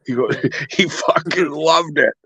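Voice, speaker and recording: A man's voice: fairly high pitch, measured pace, crowd noise. A man in a casual stream chat, telling crude, hyped stories about boxing people. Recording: dull lo-fi stream audio.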